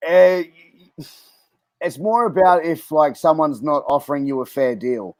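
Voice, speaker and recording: An Australian man hosts a casual podcast, friendly and easygoing as he quizzes his guest. His voice sits a bit high for a man. The sound is close and dry. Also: a little slow, a little mellow, dry recording. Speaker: podcast host.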